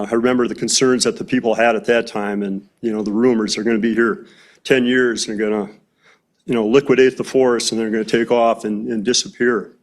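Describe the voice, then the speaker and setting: A man, president of a forestry company, speaking plainly at a county board meeting with frequent hesitations. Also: medium pitch. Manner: plain-spoken, many "uh" fillers.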